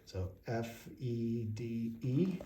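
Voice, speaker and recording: A man's voice: mid-range voice, lively intonation, very slow, dark tone, a little hiss or hum. A man teaching an online music lesson, patiently explaining each step and checking in often.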